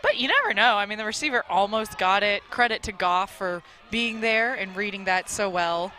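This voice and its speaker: Bright-voiced female color commentator. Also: mid-range voice, expressive, moderate pace, slight background noise. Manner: enthusiastic, agreeable analysis. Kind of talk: live sports commentary.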